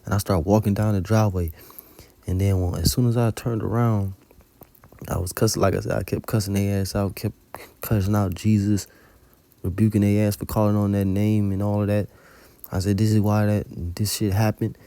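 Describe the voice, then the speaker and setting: Recounting a dream as an informal religious testimony, this male religious teacher swears constantly in loose, colloquial storytelling. His voice is fairly low and dark, with little pitch movement, a slightly quick pace, and no room sound.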